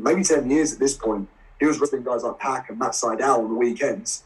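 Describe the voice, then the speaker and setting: A man in his twenties with an Essex accent, telling stories as a guest in a casual interview, animated and laughing often. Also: medium pitch, moderate pace, faint music behind. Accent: English, Essex. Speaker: guest wrestler. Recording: voice a bit far from the mic.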